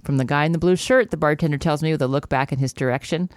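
A woman's voice: quick pace, no echo. A woman co-hosting a podcast, reading a romance novel aloud in a mock-dramatic voice between giggles and chat. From United States. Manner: giggly, reads in a low mock-dramatic voice and attempts a bad British accent.

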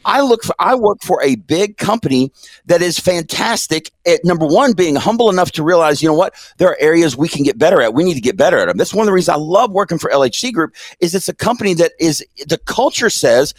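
A middle-aged man co-hosts a talk show, his voice a little high for a man and swinging widely up and down as he makes his points. He sounds emphatic and conversational, recorded close and dry with almost no room sound. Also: animated, fast talker, no echo. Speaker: podcast co-host. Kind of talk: casual discussion.

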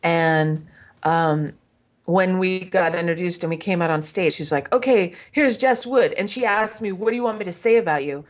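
A woman's voice: fairly low pitch, normal speed. A woman casually telling a crude comic story, laughing often and acting out the people she quotes.

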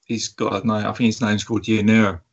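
Bloke rambling about a movie, lots of um, kinda muffled sound. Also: male voice, fairly low pitch, little pitch movement, fairly quick, husky. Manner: rambling, hesitant, many ums and laughs. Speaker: film review podcast co-host. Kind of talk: casual chat.

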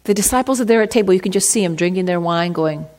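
A woman's voice: fairly low pitch, quick pace, darkish tone. A woman teaching from scripture in a conversational way, reading verses aloud and then asking her listeners rhetorical questions. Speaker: Bible teacher.

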